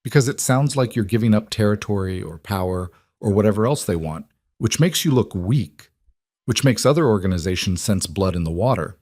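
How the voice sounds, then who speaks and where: A man's voice: lowish voice, animated, fairly quick, darkish tone, no echo, studio quality. A man voicing a tense, defiant young female nurse who asks pointed questions.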